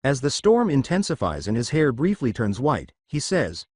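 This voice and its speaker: A man reading scripted fan-fiction narration in an even way. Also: mid-range voice, normal speed, hardly any pauses, no room sound, clean studio sound.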